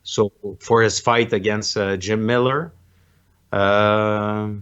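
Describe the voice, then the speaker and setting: A man calling in to a live show, speaking hesitantly with many pauses and slightly awkward phrasing. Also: lowish voice, flat delivery, fairly bright tone, clean tone, lo-fi sound. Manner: hesitant, many "uh" fillers, non-native phrasing. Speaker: caller. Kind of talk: casual chat.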